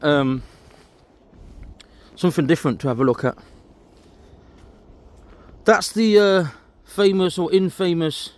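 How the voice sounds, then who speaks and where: Slow and expressive with frequent pauses, a man's fairly high voice carries his casual walking commentary on a dry recording. He's a vlogger on a disused railway trail, pointing out sights to camera.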